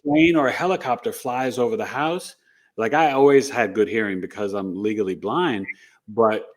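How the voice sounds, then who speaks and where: A man's voice: fairly low pitch, normal speed. Middle-aged man telling a personal story. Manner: animated, re-enacts dialogue in the telling; rambling with fillers like "you know" and "right?". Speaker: interview guest, astrologer. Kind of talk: personal storytelling in a casual interview.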